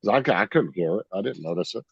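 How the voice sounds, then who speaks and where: A man's voice: low-pitched, animated, fast talker, gravelly, breathy edge, no room sound, muffled recording. A man from California chatting casually, laid-back and swearing freely. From California, USA. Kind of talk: casual chat.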